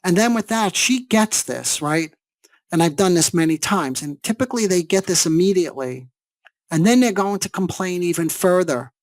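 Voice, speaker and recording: Teaching a seminar, a male psychologist lectures on therapy, laying out each step and posing rhetorical questions to check understanding. His voice is high, with no room sound in the recording.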